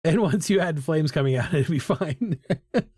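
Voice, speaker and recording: A middle-aged man with a fairly high voice chats casually as he sketches, wandering from topic to topic and poking fun at himself. His sound is dry and close, with no room around it. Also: moderate pace, darkish tone, slightly rough, dry recording. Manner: rambling, self-mocking and chatty. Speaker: artist hosting a live drawing stream. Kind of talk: casual chat while drawing. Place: home art studio.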